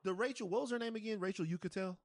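A man's voice: sits high, rapid-fire, no echo, clean studio sound. A man hosting a podcast, asking playful questions in a casual chat. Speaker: podcast host.

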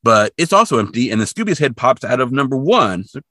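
A man's voice: mid-range voice, a little fast, no room sound, studio quality. A man co-hosting a podcast, recapping a cartoon episode in casual chat and acting out bits of the story. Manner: animated storytelling with acted-out bits.

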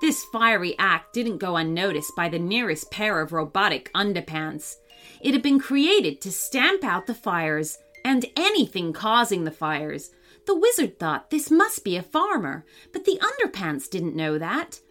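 A woman narrating a children's story in an expressive, animated way. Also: mid-range voice, measured pace, soft background music.

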